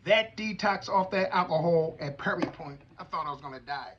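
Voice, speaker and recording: A man's voice: on the high side, moderate pace, highs cut off, noisy background. Emphatic man telling his story. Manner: animated, emphatic storytelling in casual vernacular. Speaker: veterans' advocate hosting a show. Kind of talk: personal testimony to an audience.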